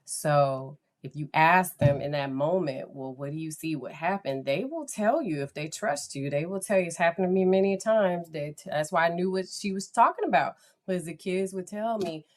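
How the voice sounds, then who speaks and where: Low-voiced woman podcast host. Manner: chatty, animated, acts out quoted voices. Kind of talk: casual podcast talk.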